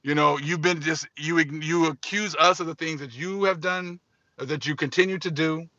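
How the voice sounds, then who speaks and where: A man's voice: a little high, fairly even intonation, normal speed, bright, forceful tone, no room sound, dull audio. A man hosting religious commentary, speaking emphatically and repeating his points. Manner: emphatic, repetitive. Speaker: host.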